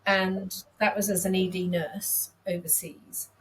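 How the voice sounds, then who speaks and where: A woman's voice: medium pitch, flat delivery, measured pace, noisy background. A woman in her fifties from the United Kingdom, a nurse practitioner guest telling stories in a candid, self-deprecating way and laughing easily. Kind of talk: casual conversational storytelling.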